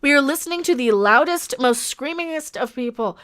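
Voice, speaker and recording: A woman's voice: high voice, animated, normal speed, a bit bright. A woman hosting a livestream, ranting with passion about online mobs and reading viewer comments aloud. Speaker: livestream host.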